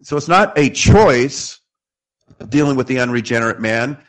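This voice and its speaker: A man's voice: medium pitch, expressive, normal speed. A man earnestly explaining scripture in a theological discussion, quoting verses as he goes.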